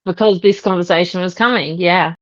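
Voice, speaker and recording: A woman's voice: on the low side, a little fast, no echo, muffled recording. A woman in her thirties with an Australian accent, a podcast guest telling stories animatedly and quoting herself. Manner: animated storyteller, quoting herself in lively voices. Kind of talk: conversational interview.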